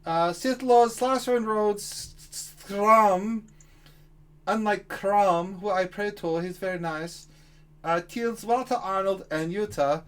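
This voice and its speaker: A man's voice: sits high, takes it slowly, a bit bright, clean tone. A man voicing a cranky, foul-mouthed male frog puppet who insults and boasts through a list of names. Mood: mocking. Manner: insulting, boastful, rambling roll call.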